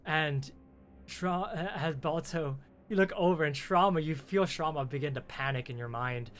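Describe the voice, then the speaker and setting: A man running a tabletop game as game master, narrating in a halting way with many restarts. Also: fairly high pitch, a bit bright, a little hiss or hum.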